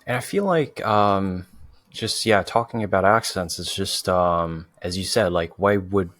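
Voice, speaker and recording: A man's voice: low voice, a little slow, fairly bright tone, no room sound. A man whose first language is French, hosting a casual conversation and talking chattily with many likes and you knows. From France. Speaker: host.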